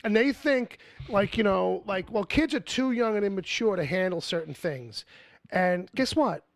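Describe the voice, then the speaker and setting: A man's voice: sits high, moderate pace, gravelly, no echo, studio quality. A man hosting a podcast, rambling in casual chat and full of fillers. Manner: animated, filler-heavy rambling. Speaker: podcast host.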